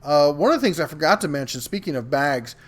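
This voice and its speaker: A man's voice: a little high, animated, fast talker. Chatty man reading viewer comments. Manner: chatty, reads viewer comments aloud with many ums. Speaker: host of a live tool show reading chat. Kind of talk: casual livestream chat.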